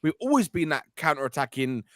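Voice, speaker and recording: A man's voice: on the high side, very animated, fast talker, a bit bright, no echo. A man arguing insistently in a football podcast chat, tagging points with "right?". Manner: insistent, keeps asking "right?". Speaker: podcast co-host. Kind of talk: heated casual banter.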